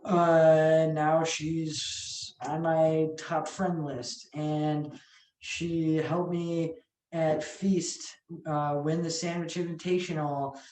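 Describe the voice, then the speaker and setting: A woman restaurant owner telling stories in a casual interview, animated, swearing freely and acting out what people said. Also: low voice, extremely slow. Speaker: restaurant owner and sandwich chef. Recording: echoey room, mic far off.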